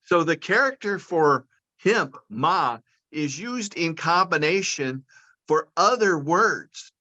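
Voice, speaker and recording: Brief: male interview guest on a video call, bright tone, dull muffled sound, explains step by step. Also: on the high side, lively intonation, slow. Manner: patient, lecturing, explains step by step. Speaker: guest, cannabis and hemp advocate.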